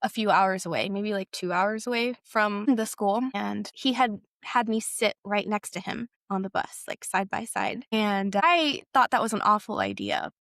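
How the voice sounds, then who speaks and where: A woman's voice: mid-range voice, big pitch swings, moderate pace, few pauses, a bit bright, no echo. A young adult woman recounts her own experience as a podcast guest, speaking candidly in a mid-range voice. She talks in a hesitant, conversational way, full of fillers and restarts. The recording is dry and close, with no room sound. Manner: hesitant, with frequent fillers and self-corrections. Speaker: guest sharing a personal story. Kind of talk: candid personal storytelling.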